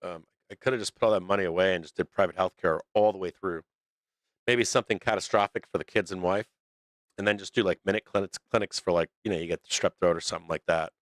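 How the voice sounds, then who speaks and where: A man's voice: low voice, quick pace, no room sound. A middle-aged man hosting a stock market livestream, talking in a blunt, profane, rambling way full of restarts. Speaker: stock market show host. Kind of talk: casual livestream rant.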